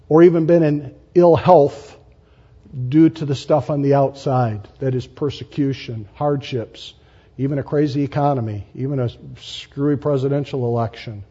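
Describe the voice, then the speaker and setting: A man preaching a sermon as pastor, animated and emphatic, often rising sharply for stress and repeating key phrases. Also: a little high, slightly rough, muffled recording. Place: church sanctuary.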